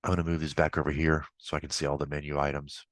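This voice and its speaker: A man instructor walking through a software tutorial in a casual, chatty way with offhand asides. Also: very deep voice, little pitch movement, fast, dry recording. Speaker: accounting instructor. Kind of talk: screen-recorded software tutorial.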